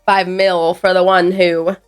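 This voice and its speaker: A woman's voice: lowish voice, flat delivery, measured pace, faint music behind. A woman streamer chatting casually with her viewers, rambling and reacting playfully to chat messages. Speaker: live streamer.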